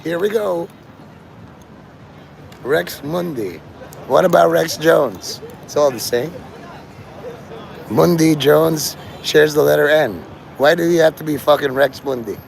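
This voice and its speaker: Gravelly, profane man livestreaming outdoors. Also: a little high, takes it slowly, long pauses, slight background noise. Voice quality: gravelly, strained voice he calls his normal one. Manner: rambling, profane, free-associating, talks to chat. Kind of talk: rambling live stream monologue. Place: outdoors on a city street.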